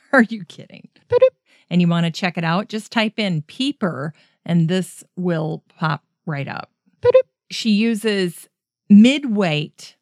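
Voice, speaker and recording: Woman host reading outtakes, laughing at her own slips; unhurried delivery, dead-dry room. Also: lowish voice, animated, a little mellow, no room sound. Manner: self-mocking, laughs at her own flubs. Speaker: podcast host. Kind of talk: recording outtakes, reading segments aloud.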